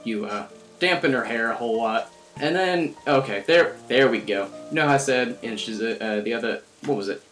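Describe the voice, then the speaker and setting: A man's voice: medium pitch, animated, moderate pace, a bit bright, faint music behind. A young man giving a rambling, sarcastic, crude recap of a game as the host of his own video. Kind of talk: casual game recap commentary.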